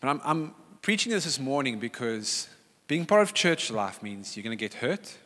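A man's voice: medium pitch, sing-song, normal speed, bright, forceful tone. A middle-aged male pastor preaching a sermon, emphatic and repeating key phrases for weight. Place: church hall. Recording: church hall reverb.

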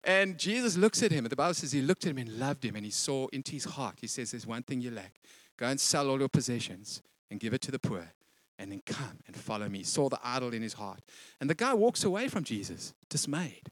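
A man preaching a conversational sermon, slipping into quick voiced asides. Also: medium pitch, very animated, a bit bright, dry recording. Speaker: pastor.

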